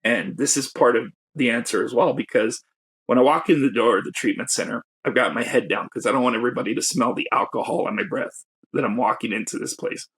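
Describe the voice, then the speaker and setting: Guy with a husky voice, telling his story, reflective and emotional, pitch right in the middle. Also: quick pace, a bit bright. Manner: reflective, openly emotional, laughs self-consciously. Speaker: guest, poet and educator. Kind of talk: candid personal storytelling.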